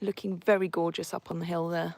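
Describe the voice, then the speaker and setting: A woman's voice: fairly low pitch, level tone, fairly quick, darkish tone, no room sound. A woman hosting a casual live stream from horseback outdoors, reading viewer comments and cooing and scolding her horses in between.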